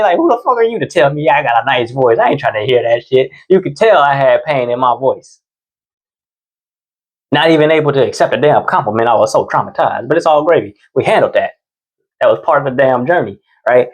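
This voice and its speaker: A man's voice: fairly high pitch, expressive, fast talker. Profane, slangy man telling stories. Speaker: podcast host. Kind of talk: casual commentary and storytelling.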